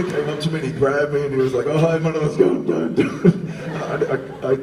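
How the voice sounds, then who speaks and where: A very deep-voiced man tells an animated, laughing story as a guest on a convention panel. He sounds distant from the mic in a big echoing hall, with long reverb trailing his words. A faint hiss sits underneath. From New Zealand.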